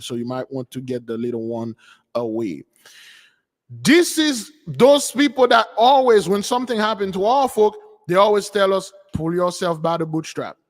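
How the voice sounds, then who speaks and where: High-voiced guy preaching over news clips, fired up, kinda reverby. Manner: animated, preachy, addresses listeners as beloved. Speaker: online preacher.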